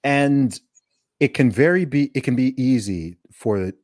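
A man in a casual podcast conversation. He has an ordinary middle pitch and an animated way of talking, restarting his sentences with repeated words. The mic sits close in a dry room. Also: unhurried, no echo. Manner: repeats words when starting a thought, animated. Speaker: podcast host.

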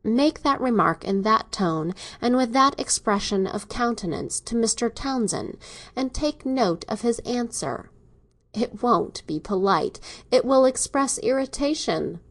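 A woman's voice: a little high, expressive, unhurried, voice pushed up. A woman reading as a stern, sarcastic older doctor. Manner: dry, coolly sarcastic. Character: stern ironic older male doctor, a domineering father. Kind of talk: audiobook reading.

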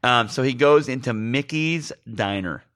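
A man hosts a podcast, recapping a movie in casual chat while rambling, joking, and using lots of fillers. His mid-range voice is unhurried and a bit bright, with no room sound.

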